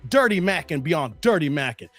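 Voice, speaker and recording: A man hosting casual reaction commentary, animated and loose, often breaking into snatches of song. His voice sits high and swings widely in pitch. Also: normal speed, soft background music. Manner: animated, breaks into singing song hooks and laughs. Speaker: reaction video host.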